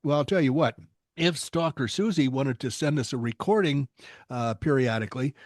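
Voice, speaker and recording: A man's voice: medium pitch, moderate pace, dry recording, clean studio sound. An older man hosting a casual podcast, joking wryly and reading news headlines aloud with his own commentary. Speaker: podcast host.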